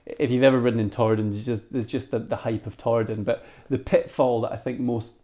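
A Scottish man, a podcast guest, telling a story in a lively style, with many restarts. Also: mid-range voice, fast talker. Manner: animated storyteller, restarts and laughs. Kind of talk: anecdotal storytelling.

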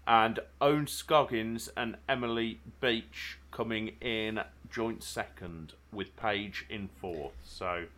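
A man's voice: lowish voice, slow, few pauses, bright, forceful tone. A man, co-hosting a podcast and reading the news segment in a chatty way, often ending with tag questions. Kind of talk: casual podcast chat. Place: home bedroom.

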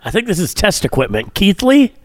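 A man's voice: high voice, very animated, fairly quick, no echo, clean studio sound. A man hosting a podcast in casual banter, goofy and playful, a little sniffly. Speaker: podcast host.

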